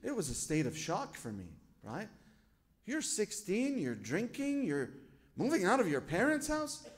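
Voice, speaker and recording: A man's voice: high voice, wildly swooping pitch, unhurried. A man giving a sermon as a sheikh. He tells stories from his own life, asks rhetorical questions and quotes scripture. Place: lecture hall at a religious gathering.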